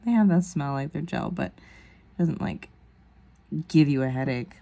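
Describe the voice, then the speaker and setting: A woman's voice: low-pitched, lively intonation, a little slow, gravelly, mellow, dull audio. A woman in her thirties chatting casually through a nail tutorial, rambling with self-deprecating asides. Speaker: nail vlogger.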